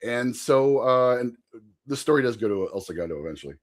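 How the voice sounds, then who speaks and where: A man's voice: mid-range voice, expressive, brisk. A man chatting casually on a podcast, telling a long rambling story and laughing often. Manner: chatty with frequent fillers and asides.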